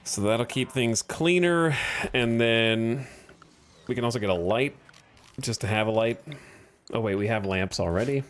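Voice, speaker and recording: In casual gameplay commentary, a man with a mid-range voice talks unhurriedly, leaving long pauses as he thinks aloud about what to do next. He's chatty and relaxed, and a little hiss or hum is audible.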